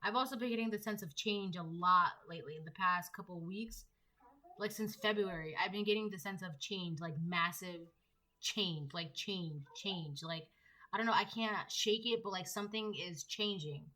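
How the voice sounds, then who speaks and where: A woman's voice: mid-range voice, normal speed, sharp tone, low-quality recording. A woman giving a collective tarot reading, talking emphatically and piling up repeated rhetorical questions. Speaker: tarot reader.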